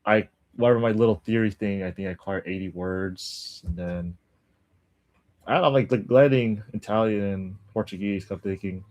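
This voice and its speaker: A man's voice: low-pitched, steady tone, a little fast, a little mellow. A man livestreaming his language study, chatting casually with viewers, rambling and laughing often. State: just woke up.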